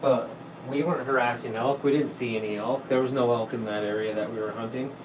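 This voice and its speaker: Casual and unscripted, this livestream host rambles along at a fairly quick pace, cursing freely and often laughing. His tone is steady and his pitch ordinary, and an air conditioner hums faintly in the background.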